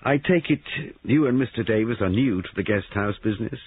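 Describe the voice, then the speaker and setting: A man voicing a brisk, persistent police sergeant investigating a murder in a storybook reading. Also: lowish voice, slightly rough, voice pushed up. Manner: persistent and formal. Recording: tinny band-limited recording.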